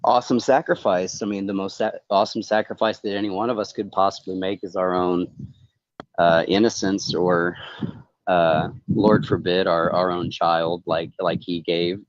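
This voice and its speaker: A man talking earnestly and casually on a livestream call, halting and rambling with many restarts. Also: low-pitched, steady tone, no room sound. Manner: earnest, confessional. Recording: dull, dry lo-fi call audio.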